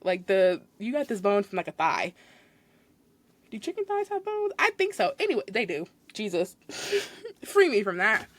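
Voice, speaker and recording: A woman's voice: medium pitch, normal speed, no room sound. A young woman hosting a podcast, telling a work story in a casual, exasperated way with frequent laughs. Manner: animated, exasperated retelling with laughs. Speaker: podcast host.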